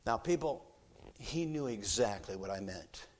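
A middle-aged man preaching a sermon, telling a personal story and swinging from hushed, soft passages to loud, forceful exhortation. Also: fairly low pitch, expressive, a little slow. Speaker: pastor.

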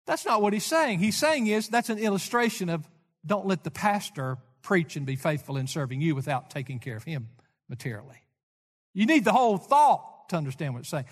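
An older man delivers a sermon in a high, lively voice that climbs and drops sharply. He tells folksy stories and swings from loud emphasis to hushed asides. His voice rings with a long echo through a church hall. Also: normal speed. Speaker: pastor.

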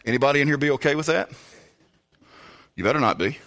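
A man preaching a sermon as pastor, who moves from low, measured talk to shouted preaching. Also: lively intonation. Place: church.

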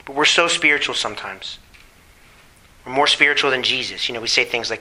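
A middle-aged man preaching a sermon, asking the congregation questions and slowing down on key phrases. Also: medium pitch, bright, forceful tone, rough recording. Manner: preaching with rhetorical questions and emphatic slow phrases. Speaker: pastor.

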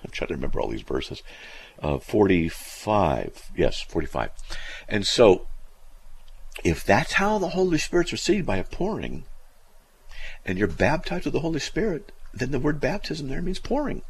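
A man hosts a Bible teaching show, animated and emphatic, his creaky, slightly rough voice jumping high when he gets excited. He pauses to look up verses, thinking aloud as he goes.

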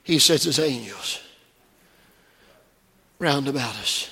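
Gravelly preacher in an echoing sanctuary. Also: male voice, medium pitch, expressive, slow pace. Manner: preaching that swings from hushed storytelling to shouted climaxes. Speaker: pastor. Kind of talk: sermon. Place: church sanctuary.

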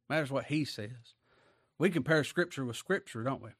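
A man's voice: mid-range voice, brisk, dry recording, studio quality. A man preaching a conversational sermon, often asking his listeners rhetorical questions.

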